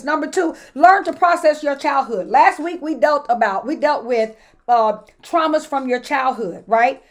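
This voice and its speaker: A woman pastor with a notably high voice speaks to her live viewers in a loose, colloquial way. She repeats words as she works toward each point and stops to greet people by name. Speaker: pastor and host. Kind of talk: casual motivational talk to live viewers.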